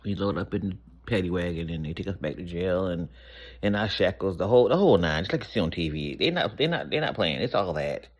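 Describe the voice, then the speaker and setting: Man, deep voice, casual storytime vlogger, candid and conversational. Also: expressive, fast talker, slightly rough. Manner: candid, conversational, rambling with restarts.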